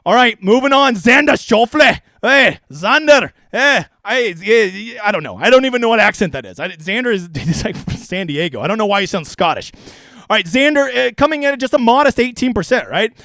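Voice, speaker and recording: A man's voice: sits high, animated, fast talker, fairly bright tone, no echo, clean studio sound. A man hosting a fantasy sports live stream, talking in a brash, profane, rambling way. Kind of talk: casual live stream commentary.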